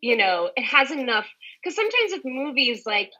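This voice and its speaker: Bright, enthusiastic young woman. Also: high-pitched, sing-song, normal speed, low-quality recording. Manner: enthusiastic, rambling, many "like"s and restarts. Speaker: interview guest, Broadway performer. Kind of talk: casual interview chat.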